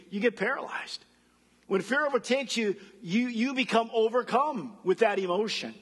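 A man giving a sermon as a pastor, animated, acting out voices of the people he quotes. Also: high-pitched, breathy edge, big-room sound.

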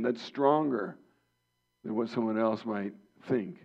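A man's voice: fairly low pitch, takes it slowly, vocal fry, breathy edge. A man preaching a sermon as pastor, earnest and personal, rising to impassioned emphasis. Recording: dull lo-fi sound.

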